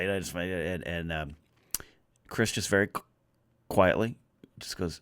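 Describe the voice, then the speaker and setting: Man, low voice, dry close sound, rambling chat, animated guest. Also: a little fast, dry recording. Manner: animated, rambling with many restarts. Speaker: podcast guest. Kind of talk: casual chat.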